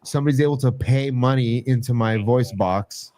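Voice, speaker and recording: A man's voice: medium pitch, normal speed, dark tone, slight background noise. A man co-hosting a podcast, chatting casually and rambling with lots of restarts and laughs. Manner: rambling, trailing off, laughing at own jokes. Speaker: podcast co-host. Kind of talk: casual chat.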